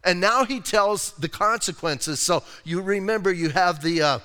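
Male pastor, emphatic, conversational preaching, bright tone in a church hall. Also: sits high, moderate pace, smooth. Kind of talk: sermon. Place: church sanctuary.

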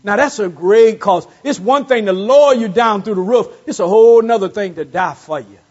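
A man preaches a sermon in a high, husky voice, swinging between hushed asides and fervent, rising calls. The recording is dull and muffled, like a church service taped on modest gear. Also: normal speed. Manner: call-and-response preaching, rising to fervent peaks; repeats phrases for emphasis.

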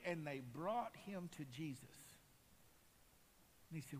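A man preaching a sermon, impassioned and building to loud cries. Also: fairly high pitch, animated, slow pace, pauses often, husky. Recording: long hall reverb.

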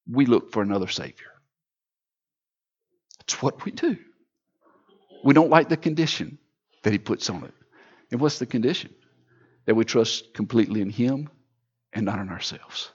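Man, preacher, high voice, rhythmic repetitive sermon, muffled lo-fi sound. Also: sing-song, moderate pace, long pauses. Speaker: pastor. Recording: dull lo-fi church recording.

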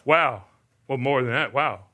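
A man's voice: mid-range voice, measured pace, sharp tone. An older man preaching a sermon, asking the congregation rhetorical questions and answering them himself. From United States. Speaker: pastor.

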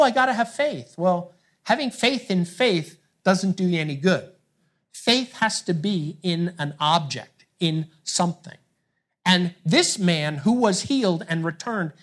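Male pastor preaching slow, earnest, keeps asking the church questions. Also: sits high, a bit bright. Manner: earnest, asks the congregation rhetorical questions. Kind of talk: sermon.

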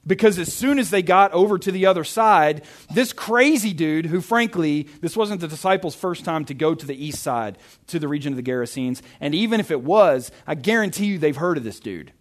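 Guy preaching a chatty sermon, kinda high voice, lots of restarts and asides. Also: brisk, hardly any pauses. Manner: conversational, animated, with stammered restarts. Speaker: pastor.

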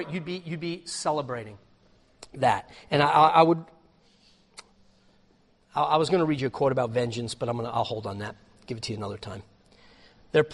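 A man preaching a sermon, swinging from shouted exclamations down to quiet, low asides. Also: in a large hall. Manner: preaching with big swings in loudness, shouting hallelujahs then dropping low. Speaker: pastor.

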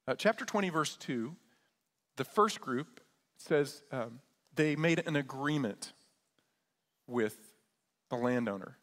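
A man's voice: on the high side, fairly bright tone. A man, a pastor, preaching a sermon in a conversational way, often checking in with his listeners. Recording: long church reverb.

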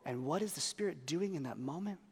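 A pastor in his thirties preaches in a church hall, telling self-deprecating, humorous stories about his young children with lively voice changes. His voice is fairly high and a little fast, with the long reverb of a large hall.

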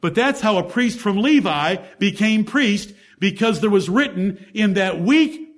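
A man's voice: high-pitched, animated, a little slow, hardly any pauses. A man preaching a sermon, teaching through Bible verses one by one in an emphatic way and asking the congregation rhetorical questions.

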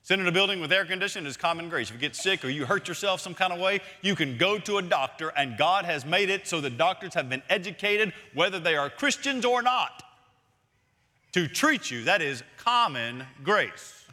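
Lively, bright-voiced man preaching in a hall. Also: sits high, normal speed. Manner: emphatic preaching, repeats key phrases, swings from loud to hushed. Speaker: senior pastor. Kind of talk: sermon. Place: church sanctuary. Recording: long reverb of a large hall.

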